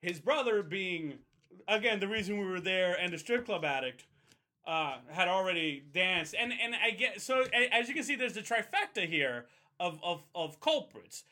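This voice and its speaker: A man telling a comic story in a casual, profane chat, animated and quick to repeat himself. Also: sits high. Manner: animated, profane, repeats words when excited. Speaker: podcast co-host telling a story.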